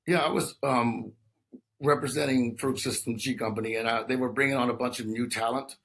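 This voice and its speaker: A man in his fifties from Texas, speaking as an interview guest at a medium pitch. He talks at length and loops back on himself, restarting phrases and leaning on "you know" as he explains. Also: steady tone, a little fast, a bit bright. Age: 50s. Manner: talkative, many restarts and "you know" fillers. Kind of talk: conversational interview.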